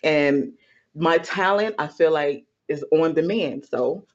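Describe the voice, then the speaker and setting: A woman guest artist answering interview questions over a remote call in a measured, thoughtful way. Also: deep voice, darkish tone, highs cut off.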